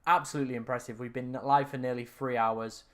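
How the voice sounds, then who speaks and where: A young man with a raspy, worn-out voice, chatting to viewers on a live stream in a rambling, self-correcting way. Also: medium pitch, fairly even intonation, a little fast. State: strained, raspy voice after hours of talking. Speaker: fantasy football streamer. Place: room at home.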